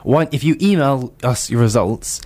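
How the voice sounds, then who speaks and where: Young guy, casual co-host, hesitant and rambling, mid-range pitch. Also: lively intonation, moderate pace, darkish tone. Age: 20s. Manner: rambling, hesitant, laughs often. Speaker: podcast co-host. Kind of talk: casual chat.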